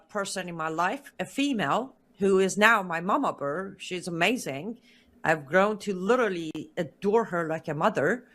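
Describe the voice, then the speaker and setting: Woman guest telling her story animatedly. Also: mid-range voice. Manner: lively narrator who acts out quoted dialogue. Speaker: interview guest. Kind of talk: personal storytelling in an interview.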